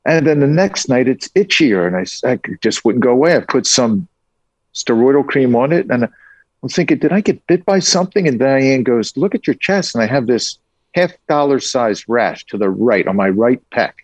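A man being interviewed, talking in a lively, casual way with quick asides. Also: mid-range voice, dry recording. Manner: energetic storyteller, quick asides. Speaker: guest.

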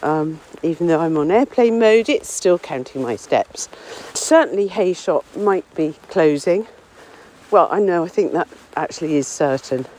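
A woman's voice: deep voice, lively intonation, measured pace, warm tone, slight background noise, low-quality recording. Chatty woman walking outdoors. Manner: chatty, rambling, self-deprecating. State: slightly out of breath. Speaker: local author and podcast contributor. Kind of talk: casual spoken diary on a walk. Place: outdoors on a windy common among trees. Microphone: phone or portable recorder, no headphones.

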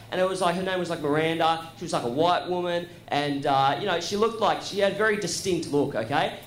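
A man's voice: fairly high pitch, slight background noise. A man from Australia co-hosting a live comedy podcast, telling a story casually and dryly. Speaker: podcast co-host. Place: live venue with audience. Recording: roomy live venue sound.

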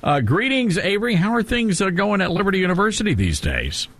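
A man hosting a radio talk show, upbeat and jokey, often filling pauses with uh. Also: sits high, sing-song, a bit bright, dry recording. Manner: jokey, upbeat, many filler uhs. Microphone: studio mic.

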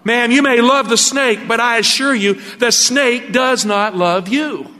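Man playing a grave vet, emphatic, high voice, echoing. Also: measured pace, bright, forceful tone, exaggerated voice. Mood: warning. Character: earnest male veterinarian giving a grave warning.

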